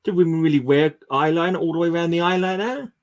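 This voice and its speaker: A man's voice: a little high, fast talker. A man, chatting casually and jokily as a comic collector co-host and often restarting mid-sentence. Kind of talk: casual chat.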